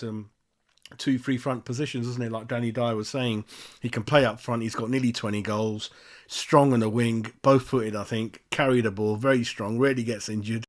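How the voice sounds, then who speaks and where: A man's voice: mid-range voice, darkish tone. Sweary man ranting. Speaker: fan channel host. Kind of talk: casual match-reaction chat.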